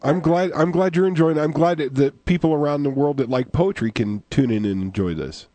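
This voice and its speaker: A man's voice: fairly high pitch, a little fast, warm tone, dry recording. A man co-hosting a call-in radio show, cracking jokes and welcoming callers to the line. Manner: jokey, wisecracking. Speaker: radio co-host. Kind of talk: casual call-in radio banter. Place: radio studio.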